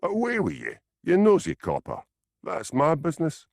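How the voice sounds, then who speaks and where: A man's voice: lowish voice, sing-song, moderate pace, a little mellow, dry recording, studio quality, voice pushed up. A man voicing a defiant woman in her late thirties with a harsh Glaswegian accent, in a storybook.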